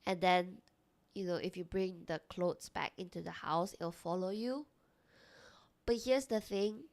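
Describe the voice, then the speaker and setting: A young woman streamer chatting casually with her viewers, reacting loudly and animatedly to chat comments. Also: on the low side, a little slow.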